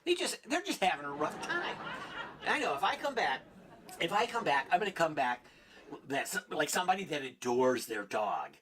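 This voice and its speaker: A man's voice: fairly high pitch, sing-song, moderate pace, fairly bright tone, a faint crowd. A man doing a stand-up comedy set, rambling and self-mocking, laughing at his own jokes on stage before a live audience. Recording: live club audience and ambient noise.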